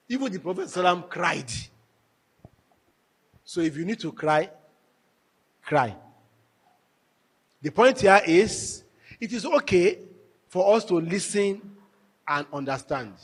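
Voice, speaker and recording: Animated man giving marriage talk. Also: sits high, slightly rough. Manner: animated storytelling, acting out both spouses. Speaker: marriage workshop speaker. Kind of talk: lively workshop talk with acted anecdotes. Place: workshop hall.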